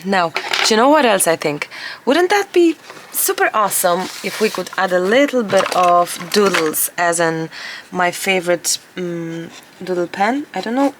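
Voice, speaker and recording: Chatting casually to the camera as she works on a collage, a woman artist rambles and laughs often. Her voice is hoarse and gravelly at a medium pitch, with a noisy background behind her.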